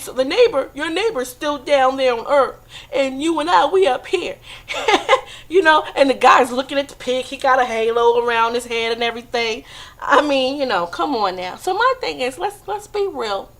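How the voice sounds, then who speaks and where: High, gravelly-voiced woman vlogger. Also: expressive, normal speed, a bit bright. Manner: chatty, repeats "okay" and "come on now". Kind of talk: casual comedic monologue.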